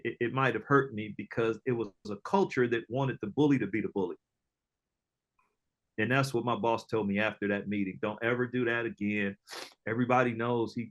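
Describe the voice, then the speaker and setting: A middle-aged man, an entrepreneur guest, telling casual stories in an animated, slangy way, often acting out other people's lines. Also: medium pitch. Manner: animated storyteller, slangy, acts out quoted voices, laughs often. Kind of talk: casual storytelling interview.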